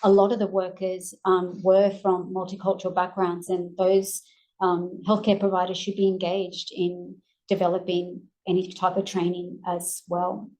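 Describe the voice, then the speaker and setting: A woman with an Australian accent presenting research findings in a measured way with frequent ums, her voice going hoarse. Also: fairly low pitch, completely flat delivery, a little mellow, highs cut off. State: losing her voice. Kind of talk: academic presentation.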